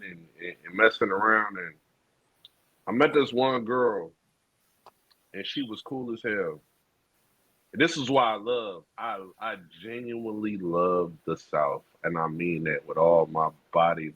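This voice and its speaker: A man co-hosting a podcast, telling a profane story in a casual, animated street style. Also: lowish voice, breathy edge, no echo. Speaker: podcast co-host. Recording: dull lo-fi sound.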